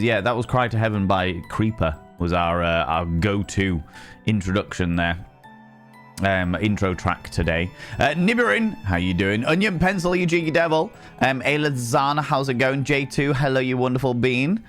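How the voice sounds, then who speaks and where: A man in the middle of a relaxed live stream, bantering with his chat in a rambling, cheeky way. His voice sits on the low side, and a faint music bed plays underneath. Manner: chatty and playful, teasing greetings to chat. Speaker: game streamer.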